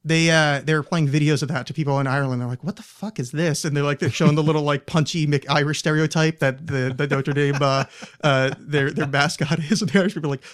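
A man's voice: fairly high pitch, fairly even intonation, fast. A young man hosting a podcast, chatting casually in a rambling, sardonic way and swearing freely. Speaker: podcast host. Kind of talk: casual chat.

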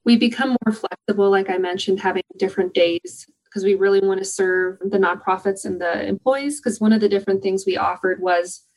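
A woman in a conversational interview speaks with open enthusiasm, warmly recounting volunteer stories. Her pitch sits in a comfortable middle range. She sounds relaxed and upbeat throughout. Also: brisk, few pauses, low-quality recording. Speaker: guest, company volunteer program organizer.

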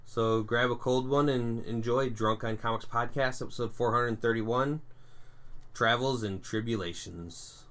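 A young man co-hosting a podcast, chatting casually and telling animated stories with puns. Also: medium pitch, normal speed, hardly any pauses. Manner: animated storyteller, puns, laughs at own jokes. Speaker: podcast co-host. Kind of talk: casual chat.

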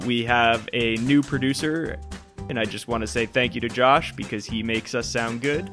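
A man hosting a podcast interview and signing off in a relaxed, jokey manner. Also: medium pitch. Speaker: podcast host. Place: radio studio.

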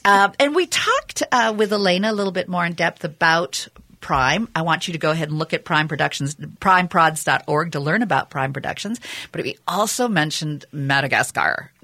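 A woman hosting a community radio talk show, chatty and quick to laugh, with frequent filler words. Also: lowish voice, lively intonation, sharp tone, no echo. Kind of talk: casual radio interview.

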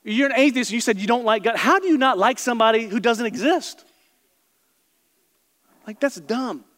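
High-pitched guy preaching hard in a big echoey church, repeats stuff for emphasis. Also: normal speed, a bit bright. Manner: impassioned, emphatic, repeats phrases, speaks straight to the congregation. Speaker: pastor. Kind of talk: sermon. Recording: long hall reverb.

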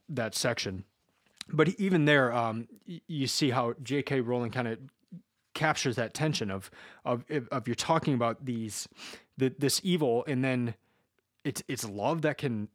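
A man's voice: medium pitch, moderate pace, dry recording, studio quality. A man giving a casual, reflective talk, stumbling through many repeated starts as he thinks aloud. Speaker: speaker discussing a book series.

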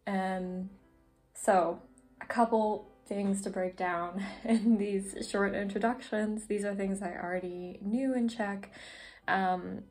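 A woman in an unhurried, chatty podcast voice, pausing often on fillers as she explains a language she is learning. She speaks at a relaxed, deliberate pace in a middling pitch, with faint music under her. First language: English. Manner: chatty, frequent fillers and self-corrections. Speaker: podcast host. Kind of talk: casual vlog-style podcast about language learning.

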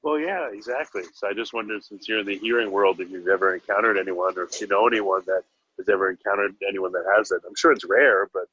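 A man interviews a guest, asking questions in a casual, slightly hesitant way. His voice is lowish and husky. The sound is close and dry, with a dull, lo-fi quality. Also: fast talker, pushed and bright.

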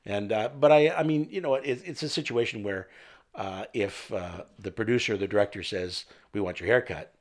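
A man's voice: on the low side, brisk. A man who is a guest on a podcast, chatting casually in a rambling way and laughing often.

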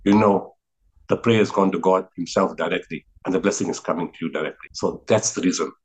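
A man's voice: deep voice, brisk, darkish tone, low-quality recording. A middle-aged man with a South African accent, telling stories in an interview, earnest and repetitive for emphasis. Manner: earnest, repeats words for emphasis, frequent restarts. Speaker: guest, founder of a relief organization. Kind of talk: reflective interview storytelling.

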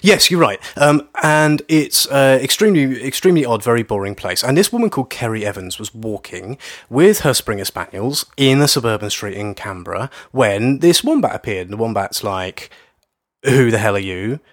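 Man, comedic podcast co-host, ranting, very lively pitch. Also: moderate pace. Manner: animated, ranting, jokey. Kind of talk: comedic casual chat.

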